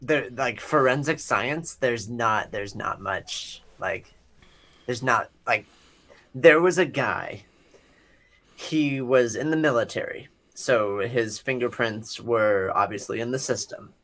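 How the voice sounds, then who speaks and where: Male co-host, slow unhurried delivery, easygoing and agreeable. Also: medium pitch, fairly bright tone. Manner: laid-back, short agreeing replies, rambling asides. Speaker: podcast co-host. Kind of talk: casual chat.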